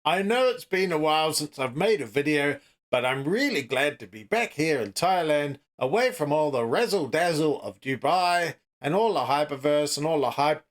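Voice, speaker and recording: A man playing a clueless, broke crypto founder who rambles evasively in a deadpan way. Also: fairly high pitch, normal speed, natural voice.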